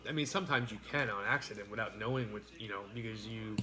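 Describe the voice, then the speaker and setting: A man's voice: on the low side, fast. A man chatting casually while eating on a mukbang stream, blunt and argumentative, swearing freely.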